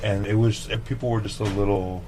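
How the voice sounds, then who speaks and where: A man's voice: lowish voice, flat delivery, fairly quick, noisy background. A man, a chef, telling a long story in casual chat, acting out other people's voices and swearing freely. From El Paso, Texas. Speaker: chef guest.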